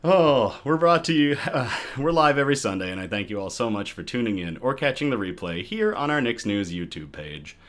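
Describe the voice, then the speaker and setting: Upbeat male live-stream host, low-pitched and animated, talking casually at home while still catching his breath. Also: brisk, hardly any pauses. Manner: chatty and upbeat, with chuckles and restarts. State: a little out of breath. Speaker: host of a good-news live show.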